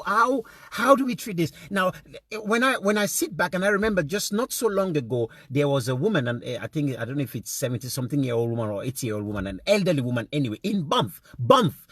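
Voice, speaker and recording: A man's voice: a little high, fairly bright tone, husky, dry recording, studio quality. A man with a Sierra Leonean accent giving an indignant, impassioned monologue, mixing English with Krio phrasing and repeating words for emphasis. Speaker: speaker addressing fellow men.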